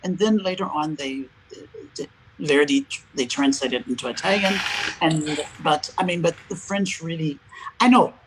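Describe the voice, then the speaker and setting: An older man speaks as a guest opera singer in a relaxed interview. He tells his stories with animation, slips into the voices of the people he quotes, and laughs often. A faint hum sits behind him. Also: on the high side, normal speed. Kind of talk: casual interview chat.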